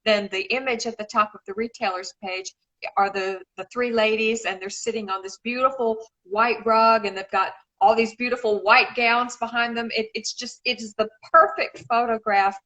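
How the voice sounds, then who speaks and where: A woman's voice: on the high side, fairly even intonation, moderate pace, sharp tone, rough recording. A middle-aged woman from Memphis, chatting effusively on a live stream and calling people darling. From Memphis, Tennessee, USA. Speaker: shoe designer and regular guest. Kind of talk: casual live-stream chat.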